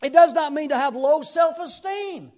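At a normal speed, a man whose voice is strikingly high yet darkish in tone delivers a sermon from the pulpit. His style with the congregation is homey and conversational, and he keeps posing rhetorical questions to them.

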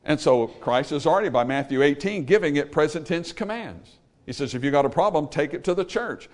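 A man preaching a Baptist sermon, emphatic, swinging between loud peaks and low trailing endings, calling for amens from the congregation. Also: expressive, a little fast. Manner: calls for amen from the congregation. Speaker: Baptist pastor.

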